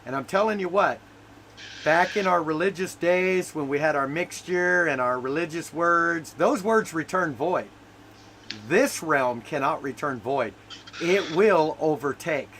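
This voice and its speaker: A man's voice: fairly high pitch, unhurried, bright, forceful tone, slight background noise. Preacher-like man hosting a faith talk. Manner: preacher-like, builds to emphatic declarations. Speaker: host. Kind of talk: faith talk show discussion.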